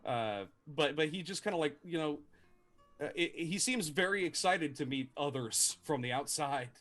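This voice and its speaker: A man's voice: fairly high pitch, expressive, moderate pace, a bit bright, faint music behind. A man narrating as game master of a tabletop game, rambling with many fillers and restarts and casual swearing.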